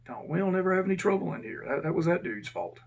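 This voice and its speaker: A man's voice: high voice, big pitch swings, fast, gravelly, muffled recording, a little hiss or hum, voice pushed up, full character voice. A man voicing a blunt, profane male prison guard. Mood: incredulous.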